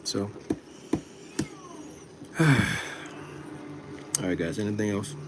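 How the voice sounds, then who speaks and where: Guy going live, earnest and fired up, keeps repeating himself, low voice. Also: fairly even intonation, very slow, noisy background. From Liberia. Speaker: content creator. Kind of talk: livestream chat.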